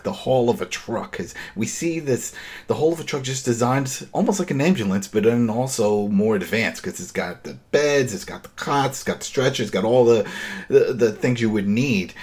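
A man hosting a casual talk show, retelling a TV episode in an animated way. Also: mid-range voice. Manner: animated retelling, acts out quotes. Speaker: host.

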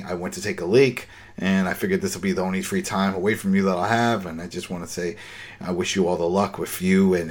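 Male host, husky low voice, lively casual recap storyteller. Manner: animated storyteller, acts out dialogue. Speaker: podcast host recapping a TV episode.

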